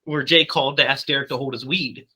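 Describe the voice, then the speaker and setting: A man's voice: medium pitch, steady tone, fast talker, sharp tone, husky. A man co-hosting a podcast who jumps in with details and laughs often in casual chat. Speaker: podcast co-host.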